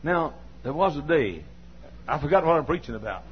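Folksy Southern preacher telling a story. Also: male voice, on the high side, big pitch swings, fairly quick, a little hiss or hum. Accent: Southern American. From American South. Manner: folksy, scolds the audience, bursts into shouts. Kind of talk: sermon storytelling. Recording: dull lo-fi sermon recording.

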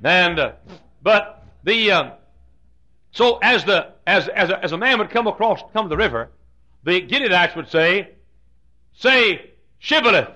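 A man with a Southern US accent preaching a humorous sermon, telling a story with joking asides and frequent throat clearing. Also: high-pitched, animated, moderate pace, pushed and bright. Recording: dull lo-fi sound.

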